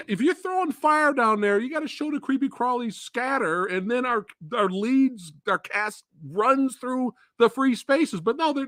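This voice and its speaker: Male stream host, movie reviewer, lively swinging pitch, profane exasperated rant. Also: no room sound, clean studio sound. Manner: profane, animated, exasperated ranting. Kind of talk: ranting live stream review.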